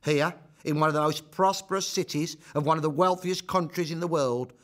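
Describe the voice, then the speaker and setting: Man narrating history in a measured way. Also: fairly high pitch, fairly even intonation, a bit bright. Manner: measured, storytelling with rhetorical questions.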